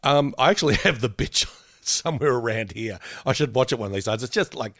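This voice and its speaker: A man's voice: medium pitch, lively intonation, a little fast, fairly bright tone, no room sound. A man co-hosting a podcast who rambles in a jokey way and keeps correcting himself. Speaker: podcast co-host. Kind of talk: casual review chat.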